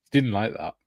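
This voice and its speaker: A man's voice: a little mellow, no echo. A Welsh man co-hosting a casual livestream, laughing often, telling stories and reading out viewer comments. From Wales. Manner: laughs often, tells anecdotes, reads viewer comments aloud. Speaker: co-host.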